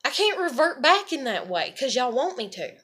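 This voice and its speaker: Bright-voiced woman rambling. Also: sits high, big pitch swings, normal speed, breathy edge. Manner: rambling, swears freely, leans on "you know" and "like". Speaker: vlogger. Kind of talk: casual rambling monologue.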